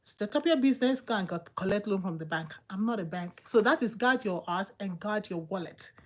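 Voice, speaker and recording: A woman's voice: mid-range voice, lively intonation, a little fast. A woman with a Nigerian accent, hosting a channel and giving casual, emphatic advice that she repeats for effect. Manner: emphatic, repetitive, preachy. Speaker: channel host.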